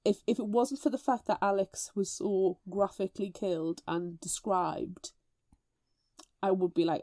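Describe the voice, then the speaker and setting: Mellow-voiced woman chatting. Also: mid-range voice, steady tone, unhurried, no echo, clean studio sound. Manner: chatty, blunt, laughs often. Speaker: podcast co-host. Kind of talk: casual chat.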